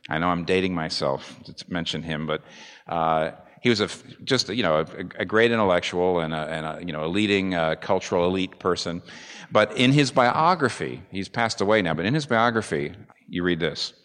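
A man's voice: low voice, normal speed, a bit bright. A man preaching a sermon as a pastor, earnest and building to emphatic peaks. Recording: long reverb of a large hall.

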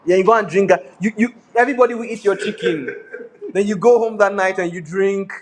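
A middle-aged Nigerian man with a Nigerian accent, preaching a sermon as pastor, animated and slipping into pidgin with frequent laughter. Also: sits high, brisk, a crowd in the background.

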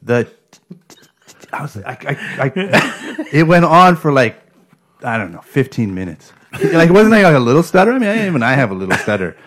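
A man's voice: mid-range voice, very animated, brisk. A podcast host in casual chat, telling funny stories and acting out both sides, often laughing as he talks. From Canada.

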